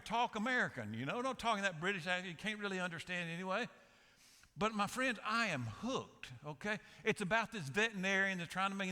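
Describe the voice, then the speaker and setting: A man's voice: high voice, sharp tone, big-room sound. A man preaching a sermon as pastor, joking and telling stories in a folksy way. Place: large church sanctuary.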